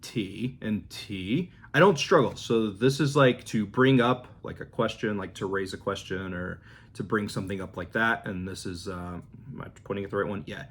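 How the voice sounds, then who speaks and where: A man in a casual vlog, relaxed and rambling, thinking aloud with fillers and restarts while he shows his flashcards. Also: lowish voice, brisk, breathy edge. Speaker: language-learning vlogger. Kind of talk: casual demonstration talk.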